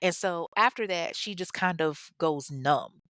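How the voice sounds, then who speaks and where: A woman's voice: on the low side, unhurried, a bit bright, no echo, studio quality. A young woman retelling a true-crime story in casual talk, blunt and profane, with mocking asides.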